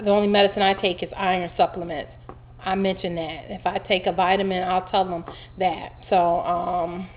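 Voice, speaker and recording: Woman vlogger, mid-pitched, animated and rambling, muffled home recording. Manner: chatty, animated retelling with many fillers. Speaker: vlogger recounting her surgery. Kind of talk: casual storytelling to camera. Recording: dull lo-fi home video audio.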